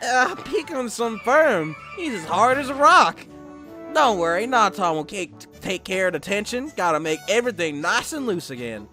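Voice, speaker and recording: A man's voice: big pitch swings, moderate pace, sharp tone, exaggerated voice. A man putting on a cheerful young idol girl's voice with a country drawl, over game music. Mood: teasing. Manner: high put-on voice with a country drawl.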